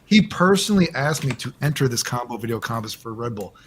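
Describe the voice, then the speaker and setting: A man as the guest in a casual interview over a call, rambling and animated and swearing often. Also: mid-range voice, fast talker, slight background noise.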